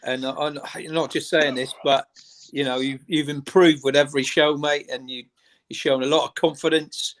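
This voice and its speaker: Man, slightly high voice, sincere earnest praise, casual stream chat. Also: steady tone, normal speed, a bit bright. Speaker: guest on a live watchalong stream.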